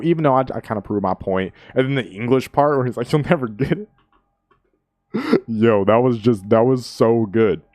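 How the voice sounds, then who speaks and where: A man hosting a music reaction and chatting casually. He is excitable, laughs often, and acts out quotes in slangy speech. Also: on the low side, no echo, studio quality.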